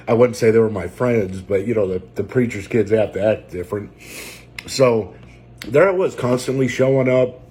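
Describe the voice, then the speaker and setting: A man preacher sharing his personal testimony unscripted, in a halting and reflective way, with frequent pauses and fillers. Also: mid-range voice, a little mellow.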